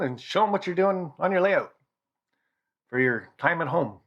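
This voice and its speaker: A man's voice: a little high, expressive, a little slow, long pauses, fairly bright tone, lo-fi sound. A man hosting a casual live stream from his home, chatting loosely and reading out viewer names as he goes. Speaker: channel host. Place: home model railroad room.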